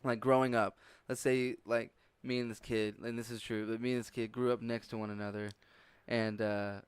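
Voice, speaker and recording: Smooth-voiced man telling rambling stories. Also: medium pitch, little pitch movement, moderate pace, dry recording. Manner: rambling storyteller, heavy use of "like"; swearing, laughing often. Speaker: comedian. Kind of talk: casual podcast chat.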